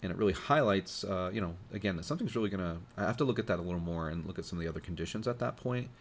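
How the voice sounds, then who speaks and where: Low, gravelly man musing over charts. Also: animated, racing, slight background noise. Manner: thinking aloud, musing with frequent fillers and restarts. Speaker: astrologer host. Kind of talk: informal talk walking through charts.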